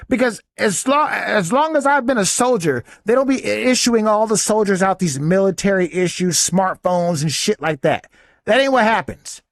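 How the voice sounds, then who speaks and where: A soldier hosting a podcast reacts to a clip with blunt, profane, indignant commentary in a casual rant. His voice is high-pitched, recorded with studio quality and no echo.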